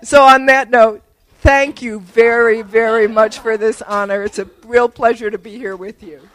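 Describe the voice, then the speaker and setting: A woman's voice: on the high side, fairly even intonation, normal speed, rough recording. Older woman telling funny stories. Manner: humorous, self-deprecating storyteller with fillers. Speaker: award recipient and disability advocate. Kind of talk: acceptance speech with anecdotes.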